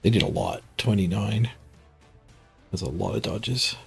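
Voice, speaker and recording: A slightly stuffed-up man streams a game, reading stats, chuckling at them and musing casually to himself in gameplay commentary. His lowish voice is measured, with vocal fry and slight roughness, and faint music plays behind.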